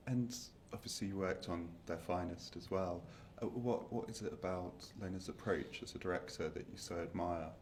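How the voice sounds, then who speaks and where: Low-voiced male interviewer. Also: normal speed, few pauses, a little mellow, slight background noise. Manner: loose, rambling questions. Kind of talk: press junket interview.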